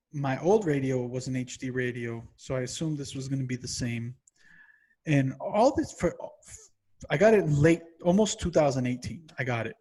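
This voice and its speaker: A man co-hosting a podcast, telling a frustrated, profane comedic rant that builds to yelling. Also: medium pitch. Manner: exasperated, swears constantly, builds to yelling. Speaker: podcast co-host.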